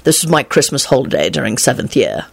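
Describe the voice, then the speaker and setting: A woman's voice: rumbling low, big pitch swings, fast, gravelly, breathy edge, pitched below the performer's own voice, full character voice. A woman voicing a weary, terse adult wizard in a read-aloud story. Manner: resigned, terse.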